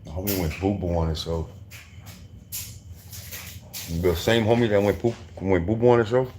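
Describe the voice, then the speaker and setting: A man's voice: deep voice, fairly even intonation, fast, a little mellow, a little hiss or hum. A middle-aged man from Southern California recounting prison stories in casual, profane street slang, full of restarts. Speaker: former prisoner telling stories. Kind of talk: casual storytelling.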